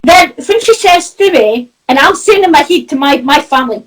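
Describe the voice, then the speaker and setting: A woman's voice: high-pitched, lively intonation, moderate pace, poor audio. A middle-aged woman from north-east Scotland with a Doric accent, a psychic medium telling stories in a chatty way, laughing often and swearing. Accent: north-east Scottish (Doric). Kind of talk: casual chat.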